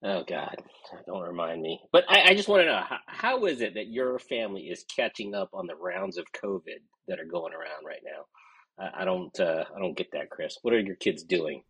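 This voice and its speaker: A man's voice: low voice, expressive, moderate pace, gravelly, pushed and bright, breathy edge, rough recording. A man co-hosting a podcast, reacting with wry groans and ribbing questions. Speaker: podcast co-host. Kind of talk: casual podcast chat.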